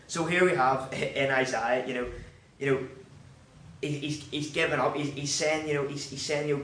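Halting man preaching in an echoey hall. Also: medium pitch, fairly even intonation, fairly bright tone. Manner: halting, full of 'you know' fillers and restarts; earnest, encouraging. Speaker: church speaker. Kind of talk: informal sermon. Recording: roomy, mic at a distance, faint background noise.

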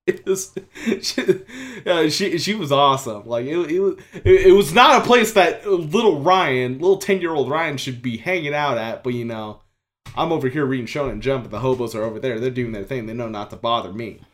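Rambling, cursing young man. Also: medium pitch. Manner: rambling, swearing, quick asides with laughter. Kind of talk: casual chat.

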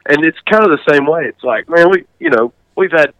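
A man's voice: on the high side, animated, brisk, a bit bright, dry recording, muffled recording. A man hosting a hunting podcast, chatting casually and telling stories with frequent laughs and restarts. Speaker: podcast host. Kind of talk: casual chat.

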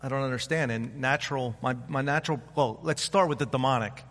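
A man's voice: mid-range voice, brisk, fairly bright tone, big-room sound. A man in his fifties, a pastor preaching an informal, conversational sermon and acting out other people's voices. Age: 50s. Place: church sanctuary.

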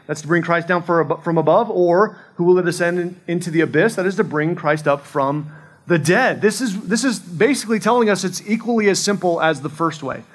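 A man's voice: high-pitched, fairly quick. A man in his forties preaching a sermon in an earnest, conversational way, often restarting his phrases. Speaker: pastor.

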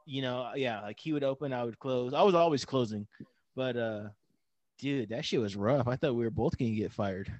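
A man's voice: mid-range voice, moderate pace, a little mellow, dry recording, highs cut off. A man hosting a podcast, laid-back and laughing easily as he recalls a summer job. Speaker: podcast host. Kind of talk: casual chat.

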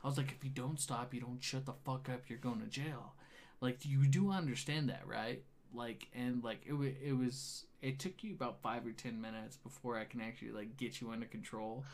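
A man's voice: mid-range voice, steady tone, moderate pace, a little hiss or hum. A man casually retelling a wild night to a friend, swearing a lot and acting out quoted dialogue. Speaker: storyteller. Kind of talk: casual storytelling chat.

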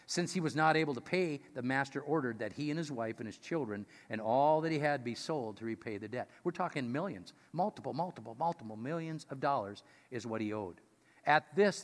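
A man preaching a sermon, reading scripture and stressing key points with rising, animated emphasis. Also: a little high. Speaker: pastor. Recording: long hall reverb.

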